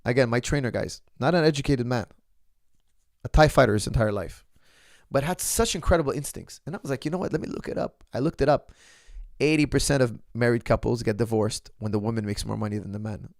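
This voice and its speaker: A middle-aged man with a gravelly, mid-pitched voice speaks casually to his viewers as a martial arts coach. He is opinionated and blunt, keeps calling them "guys" and often breaks off to restart his sentences. The sound is close and dry. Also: brisk, dry recording.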